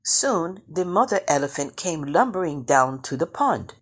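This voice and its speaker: A woman reading a children's picture book aloud, slow and expressive. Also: deep voice, husky. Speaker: storyteller.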